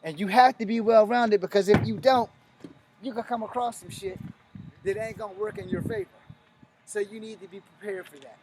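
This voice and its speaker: A man's voice: high voice, background noise. A middle-aged man, a martial arts instructor, giving a blunt, profane, emphatic teaching talk on a live stream.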